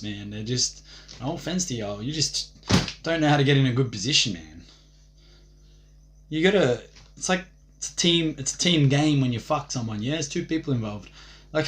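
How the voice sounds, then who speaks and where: A man's voice: medium pitch, lively intonation, moderate pace, a bit bright, slight background noise. A young man rambling profanely on a livestream, swaggering and laughing at his own jokes.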